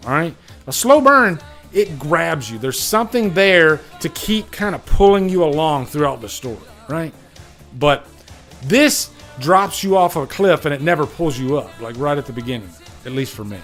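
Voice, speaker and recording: A man's voice: fairly high pitch, a bit bright. A man hosting a casual live Q&A stream, chatty and emphatic, often checking in with "all right?" into a studio mic. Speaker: livestream host. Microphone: studio condenser mic.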